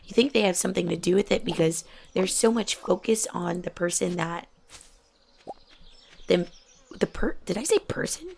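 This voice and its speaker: Soft, gravelly woman gamer. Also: on the low side, expressive, moderate pace, long pauses, slight background noise. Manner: soft-spoken, often drops to a near whisper. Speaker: gaming channel host. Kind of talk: relaxed chat while playing a game.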